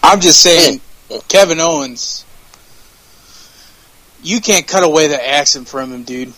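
A man co-hosting a casual wrestling chat, joking with quick interjections. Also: a little high, pushed and bright, dry recording, rough recording. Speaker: wrestling show co-host.

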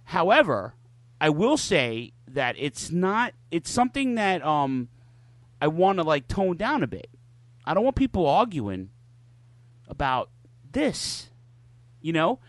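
A man's voice: on the high side, very animated, takes it slowly, pauses often, no room sound. A man in his forties hosting a podcast, telling loose stories in casual chat and swearing constantly. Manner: profane, loose storytelling with lots of cursing. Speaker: podcast host.

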